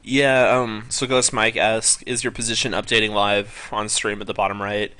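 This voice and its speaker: Bright-voiced young man rambling on stream. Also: lowish voice, little pitch movement, normal speed. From California. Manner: rambling with many ums and self-corrections. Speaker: poker streamer. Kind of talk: casual live-stream commentary.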